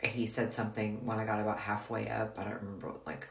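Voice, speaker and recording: A woman's voice: a bass voice, fairly even intonation, brisk, hardly any pauses, a little hiss or hum. A woman telling a personal story in a frank, blunt, casual way, full of "like". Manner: frank, blunt, heavy use of "like". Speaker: storyteller vlogger. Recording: roomy echo.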